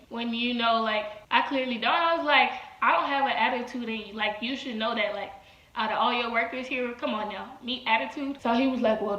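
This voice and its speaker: A young woman, chatting through a storytime on her phone camera, animated and quick to act out what everyone said. Her voice sits a little high, and the room around her rings with echo. The sound is a bit dull and lo-fi. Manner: animated, quotes people in her retelling, lots of "like" and "y'all". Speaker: vlogger. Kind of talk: casual storytime chat.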